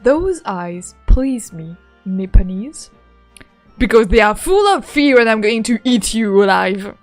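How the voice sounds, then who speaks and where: A woman voicing a menacing, grandly spoken male prosecutor from a game, reading his lines slowly in a lowered, theatrical voice. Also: big pitch swings, soft background music. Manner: slow, lowered, theatrical delivery. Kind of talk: reading game dialogue aloud.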